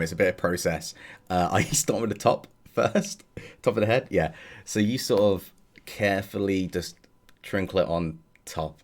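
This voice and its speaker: Deep-voiced male game master. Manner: casual, rambling, with fillers and chuckles. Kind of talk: narrating a tabletop game.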